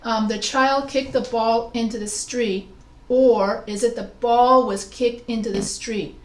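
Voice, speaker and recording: A woman's voice: fairly high pitch, fairly even intonation, roomy sound. A woman instructor giving a grammar lesson to an online class, explaining step by step and calling on students. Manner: explains slowly with examples, asks students questions. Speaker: writing instructor.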